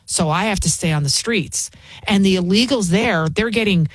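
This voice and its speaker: Filling in as host, a woman delivers opinionated political commentary with emphatic indignation, firing off rapid rhetorical questions. Her medium-pitched voice has a breathy edge, and there's no echo.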